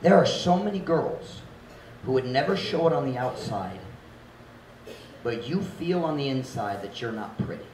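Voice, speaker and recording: A man's voice: medium pitch, lively intonation, moderate pace, slight background noise. Preaching man in an echoey church. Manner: forceful preaching, swings from shouting to hushed; mixes in Visayan phrases. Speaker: pastor. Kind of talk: sermon. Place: church hall. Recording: echoey hall, mic at a distance.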